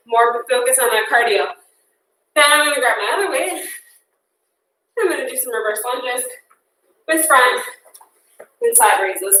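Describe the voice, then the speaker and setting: A woman's voice: fairly high pitch, bright, forceful tone, slight background noise. Breathless upbeat woman fitness instructor. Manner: upbeat cueing, counting down and cheering on. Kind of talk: interval workout class. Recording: echoey room, mic far off.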